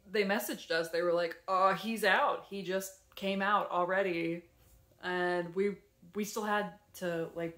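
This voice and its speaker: Slow-talking woman rambling in an echoey room. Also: fairly low pitch. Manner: rambling, animated retelling with many fillers. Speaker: vlogger. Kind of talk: casual storytelling vlog. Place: her apartment.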